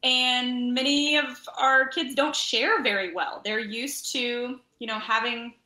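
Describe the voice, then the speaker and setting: A woman, a camp travel director and nurse, telling lively stories in a podcast interview and acting out voices. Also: fairly high pitch, takes it slowly, reverberant. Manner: animated storyteller, acts out voices.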